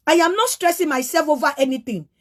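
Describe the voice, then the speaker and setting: A woman with a Yoruba Nigerian accent hosts a heated solo monologue. Her voice sits very high, and she lectures with repeated rhetorical questions, switching freely between Yoruba and English. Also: fast talker. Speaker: host. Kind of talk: opinionated monologue.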